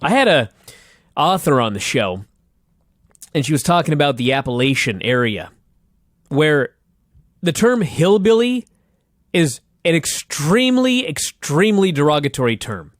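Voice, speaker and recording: A man co-hosting a podcast in casual chat, emphatic and quick to laugh. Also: a little high, big pitch swings, no room sound, studio quality. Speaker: podcast co-host. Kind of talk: casual chat recapping old wrestling.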